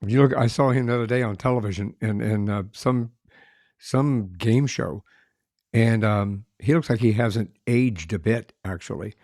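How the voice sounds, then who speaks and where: A man's voice: on the low side, normal speed, a little mellow, no echo, studio quality. A man hosting a podcast, telling easygoing, rambling anecdotes in conversation. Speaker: podcast host. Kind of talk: conversational interview.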